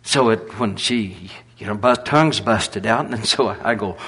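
An older man preaching, telling animated folksy stories and laughing through them. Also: lowish voice, a little slow, breathy edge. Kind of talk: storytelling sermon.

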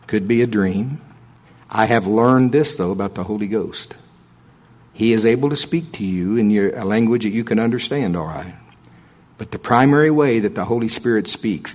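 A man's voice: lowish voice, darkish tone. A man preaching a sermon in a folksy, conversational way, emphatic and full of humorous asides.

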